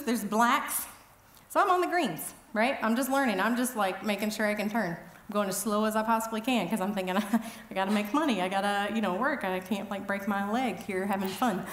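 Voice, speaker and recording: A middle-aged woman speaking at an event, telling funny, self-deprecating stories in a chatty, animated way. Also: on the high side, roomy sound. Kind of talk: humorous storytelling talk. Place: event hall.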